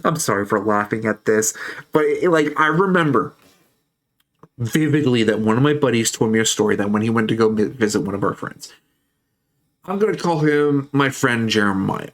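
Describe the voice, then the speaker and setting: A man's voice: mid-range voice, lively intonation, moderate pace, a bit bright. A man casually commenting on a game he is playing, rambling through a story and laughing often. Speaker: streamer playing a shooter game.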